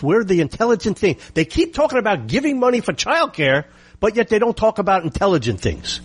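Speaking with a slightly high, breathy voice, this middle-aged man from the United States is a political commentator. His monologue is indignant and opinionated, built on rhetorical questions and repeated points for emphasis.

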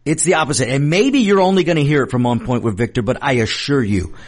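A man delivering a political commentary monologue straight to his audience. He talks emphatically, repeating phrases and stumbling through restarts. His voice sits at an ordinary middle pitch for a man. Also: lively intonation, fast. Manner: emphatic, repetitive, stammering restarts.

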